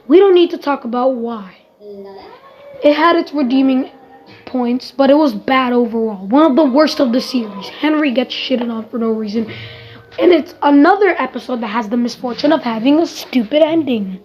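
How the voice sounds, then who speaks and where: A woman with a high voice reviewing a TV episode in a casual, ranting way. She sounds exasperated and emphatic and swears casually. The recording is dull and lo-fi. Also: lively intonation, moderate pace, soft background music.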